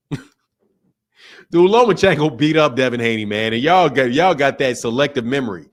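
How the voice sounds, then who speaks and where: A man's voice: medium pitch, expressive, a little slow, long pauses. A man hosting a boxing talk stream from home, emphatic and slangy, repeating his points over and over. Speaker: boxing channel host. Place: home indoors.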